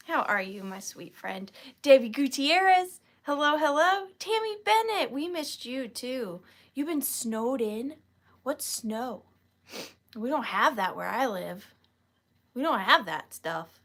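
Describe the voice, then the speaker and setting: A woman's voice: fairly high pitch, sing-song, unhurried, fairly bright tone. A woman, hosting a casual live sale stream from home, playful and giggly, greeting viewers by name.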